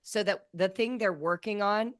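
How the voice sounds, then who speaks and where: A woman in her fifties, a writing educator talking as a guest, who tells animated stories and acts out quoted lines. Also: medium pitch, moderate pace, no room sound, clean studio sound. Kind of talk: conversational interview.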